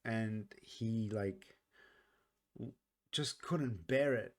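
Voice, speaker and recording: A man talking casually through a song's meaning, earnest and reflective, often pausing and restarting his sentences. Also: on the low side. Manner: earnest, reflective, soft-spoken. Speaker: music reaction vlogger. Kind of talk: casual song commentary.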